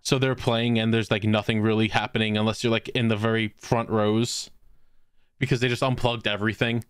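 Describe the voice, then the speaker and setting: A man's voice: lowish voice, little pitch movement, fairly quick, smooth, dry recording, studio quality. A man co-hosting a casual podcast chat, crude and jokey, telling anecdotes. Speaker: podcast co-host.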